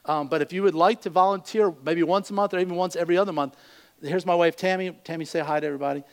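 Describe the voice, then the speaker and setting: A man pastor giving church announcements in a relaxed, conversational way, with frequent fillers. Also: high-pitched, fast talker, clear, resonant tone. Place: church service.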